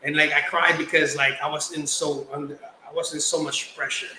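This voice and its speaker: A young man from the Philippines, a guest artist telling stories in casual chat, animated and slangy. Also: on the high side, fairly quick. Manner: animated, slangy, acts out quotes. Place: podcast studio. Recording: roomy echo, faint background noise.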